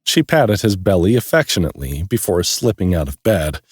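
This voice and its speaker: Brief: low, husky man narrating a fantasy audiobook, animated delivery. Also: normal speed, no echo, studio quality. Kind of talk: scripted narration.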